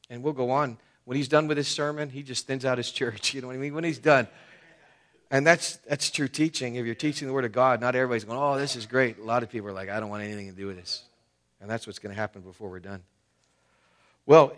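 A man's voice: mid-range voice, a bit bright. A man preaching a sermon as pastor, talking in a conversational, personal way with frequent restarts.

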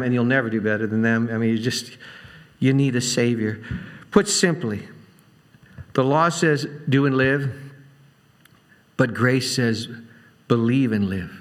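A man preaching an expository Bible teaching, reading scripture aloud and then explaining it in an earnest, conversational way, repeating key phrases for emphasis. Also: mid-range voice. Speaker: pastor.

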